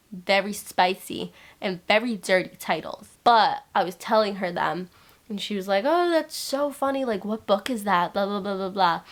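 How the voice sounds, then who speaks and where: A young woman talking casually in a reading vlog, gushing and excitable as she chats about the books she is reading. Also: medium pitch. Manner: gushing, animated, quick bursts of excitement. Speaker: book vlogger.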